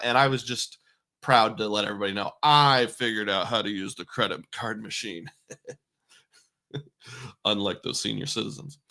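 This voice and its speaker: A middle-aged man with a bright, forceful voice talks over a slideshow of family trip photos. He keeps it folksy and loose, with casual asides and quick self-corrections, at an everyday pitch that sits right in the middle. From United States. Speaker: family travel vlogger.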